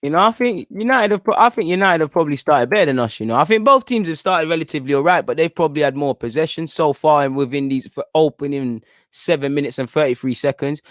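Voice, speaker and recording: Excitable young man commentating a match. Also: fairly high pitch, fast talker, hardly any pauses, no echo, clean studio sound. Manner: excitable and chatty, pleading with players and the referee. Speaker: host of a football watchalong stream. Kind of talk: live fan match commentary.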